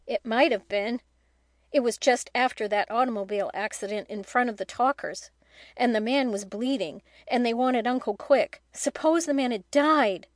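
A remorseful young boy confessing with earnest, deliberate care, read by a woman in an audiobook. The voice sits a little high and is recorded close and dry. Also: dry recording, close to an everyday voice. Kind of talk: audiobook reading.

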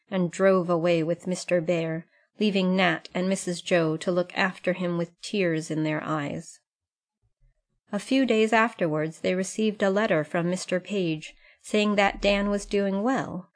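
Calm woman narrating a classic novel. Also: lowish voice. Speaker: audiobook narrator. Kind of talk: scripted narration.

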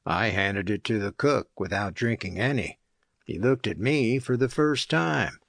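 A man reading an audiobook aloud as narrator, in a measured, even storytelling manner. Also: lowish voice, vocal fry, no room sound, clean studio sound. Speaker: audiobook reader.

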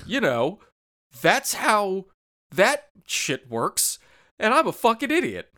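A man's voice: high-pitched, huge pitch swings, slow pace, sharp tone. A man in his thirties co-hosting a podcast, chatting casually in a wry, self-mocking, profane way. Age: 30s. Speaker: podcast co-host. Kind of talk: casual chat.

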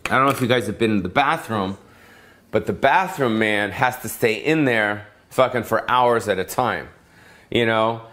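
A man's voice: lowish voice, moderate pace, fairly bright tone. Rambling, foul-mouthed comic man. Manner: rambling, profane, repetitive. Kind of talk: profane comedic rant. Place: Las Vegas.

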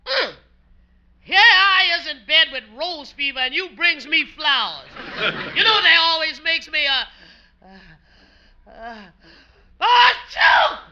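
A woman's voice: high voice, expressive, takes it slowly, long pauses, sharp tone, heavily acted. An actress playing a cantankerous, bedridden old mother-in-law in a 1950s radio sitcom, tart and drawling, on an old, dull radio recording. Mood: sarcastic.

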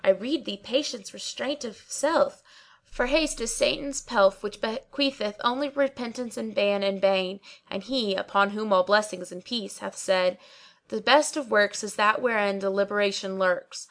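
Woman reading a boastful old barber, long-winded, preachy, slow and deliberate. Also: medium pitch, lightly acted. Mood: pompous. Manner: long-winded, pious, quoting sayings. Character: garrulous pompous old male barber.

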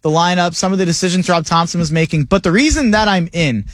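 A man's voice: high voice, lively intonation, fast, a bit bright, no echo. A man hosting a casual sports talk radio show from a studio, rambling and repeating himself as he makes his points.

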